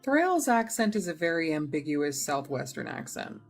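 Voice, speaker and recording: A woman's voice: sits low, sing-song, moderate pace, soft background music. A woman from Utah, chatty and plainspoken, joking about complaining in a casual chat. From Utah, USA. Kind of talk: casual live-stream chat.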